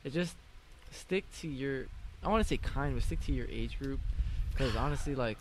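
A man's voice: mid-range voice, lively intonation, normal speed, a little hiss or hum, poor audio. A man on a podcast making blunt, joking interjections in casual chat.

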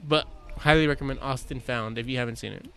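A man in casual conversation, telling a rambling, animated story with many restarts. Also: mid-range voice, quick pace, gravelly, soft background music. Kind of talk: casual chat.

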